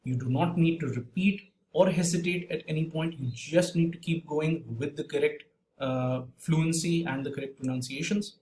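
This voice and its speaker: A man's voice: a little high, normal speed, darkish tone. A man working as an exam trainer, giving an explanatory lesson with many fillers and restarts. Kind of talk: instructional talk to camera. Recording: roomy echo, faint background hiss.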